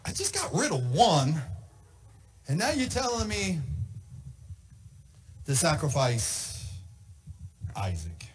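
Exasperated old man, rushed, high and lively, as a preacher does him. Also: creaky, raised voice, a little hiss or hum, heavily acted. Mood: dismayed. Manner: fast, flustered. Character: exasperated put-upon old Abraham.

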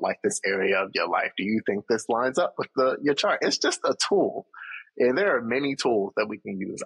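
Husky-voiced man chatting confidently. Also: medium pitch, rough recording. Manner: confident, teasing, explanatory. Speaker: therapist, guest. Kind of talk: casual chat.

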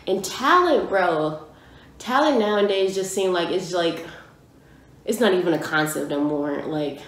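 Young female reaction vlogger, lower register, emphatic casual delivery, roomy echo. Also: unhurried. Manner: excitable, emphatic, slangy. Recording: echoey room.

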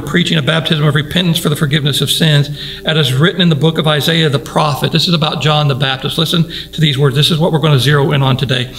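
A man's voice: a little high, a bit bright, slight background noise, low-quality recording. A man preaching a sermon as pastor in a church, earnest, repeating phrases and asking the congregation rhetorical questions. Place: church sanctuary.

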